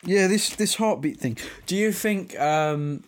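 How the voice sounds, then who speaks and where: A man's voice: sits high, a little slow. A young man hosting a casual podcast, rambling and swearing freely. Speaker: podcast host. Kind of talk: casual chat.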